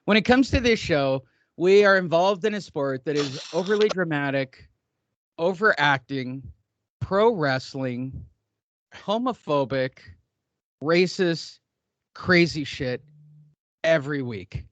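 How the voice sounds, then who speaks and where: Brash male podcast host, crude joking banter, slightly high voice, dry close mic. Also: lively intonation, takes it slowly, pauses often, a bit bright, dry recording, dull audio. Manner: loose, profane, joking rants. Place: studio desk.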